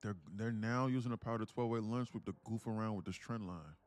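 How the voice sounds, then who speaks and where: A man day trading on a live stream, talking to himself in low mutters and sudden excited bursts, laughing often. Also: fast talker, soft background music. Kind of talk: casual live-stream commentary.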